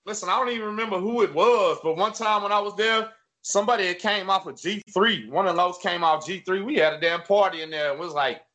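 A man guest chatting casually and reminiscing in a relaxed, conversational way. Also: high-pitched, brisk. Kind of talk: casual chat.

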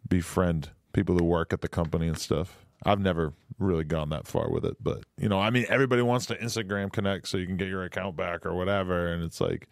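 Deep-voiced male podcast host. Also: gravelly, no room sound, clean studio sound. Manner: relaxed, probing questions, occasional swearing. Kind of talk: casual interview chat.

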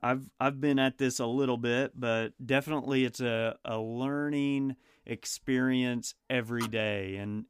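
A man's voice: medium pitch, clear, resonant tone, no room sound, studio quality. A man in his thirties hosting a casual podcast, a father of two, talking in a rambling, friendly way with frequent restarts. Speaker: podcast host.

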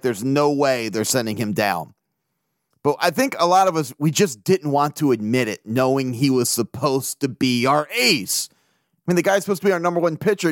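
Brash, lively sports podcaster man. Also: mid-range voice, dry recording, clean studio sound. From Baltimore area. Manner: brash, joking, swears freely. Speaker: podcast host. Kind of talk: casual sports podcast monologue.

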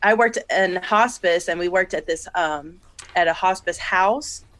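A woman's voice: on the low side, measured pace, a bit bright, dry recording. A woman who has worked in hospitals, chatting animatedly with some hesitant restarts. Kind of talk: casual chat.

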